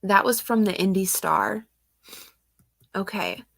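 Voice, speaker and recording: A woman's voice: mid-range voice, takes it slowly, vocal fry, a bit bright, no echo. A woman reading out news reports on missing children and commenting on them, emotional and sighing, close to tears. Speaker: true crime channel host.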